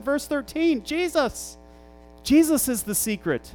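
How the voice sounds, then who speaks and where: High-pitched guy pastor preaching, lots of "what's the secret?" questions, quiet music in the back. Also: animated, moderate pace, low-quality recording. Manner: preaching with rising emphasis and rhetorical questions. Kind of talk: sermon.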